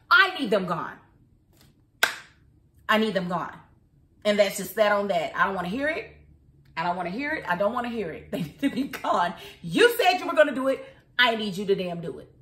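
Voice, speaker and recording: A woman's voice: a little high, very animated, fairly quick, fairly bright tone. An American woman giving outspoken, opinionated news commentary, full of rhetorical questions. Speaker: vlogger and commentator. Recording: roomy echo.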